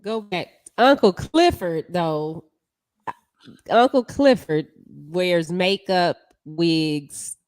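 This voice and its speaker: A woman on a talk show panel in a casual debate, explaining her point in a measured way. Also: fairly low pitch, expressive, a little mellow, no room sound, clean studio sound.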